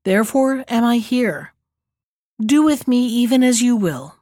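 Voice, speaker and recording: A woman's voice: fairly high pitch, animated, a little slow, warm tone, no room sound, clean studio sound. A woman reading aloud and voicing an anxious old mother who pleads and stammers in a storybook tale. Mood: pleading.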